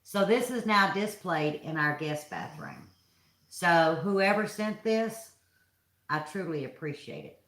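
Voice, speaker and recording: A chatty woman hosts a casual live stream from her home, calling out viewers by name in a folksy way. Her voice is bright and forward, and the room rings with echo. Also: lowish voice, animated, takes it slowly. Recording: echoey room.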